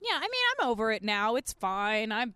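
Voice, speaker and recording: A woman's voice: fairly high pitch, very animated, brisk, bright, forceful tone, smooth, no room sound. A young woman co-hosting a podcast, telling a personal story in casual chat, candid and swearing freely. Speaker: podcast co-host.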